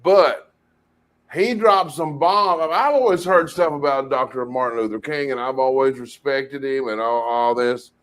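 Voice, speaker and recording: A man co-hosting a casual talk show, talking haltingly with restarts as he looks things up. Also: medium pitch, a bit bright. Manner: halting, searching aloud, many restarts. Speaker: cartoonist co-host. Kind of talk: casual chat.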